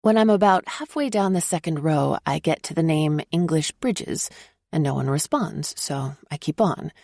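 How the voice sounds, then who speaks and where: A woman narrating a first-person romance audiobook, expressive when she voices the teacher's lines. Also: deep voice, moderate pace, no echo, studio quality.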